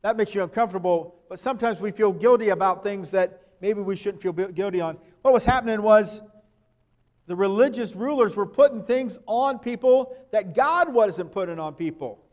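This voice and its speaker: A man with a notably high voice preaches a sermon. He talks plainly and conversationally, putting questions to his listeners and reading scripture passages aloud. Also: normal speed, darkish tone. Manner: reads scripture verses aloud.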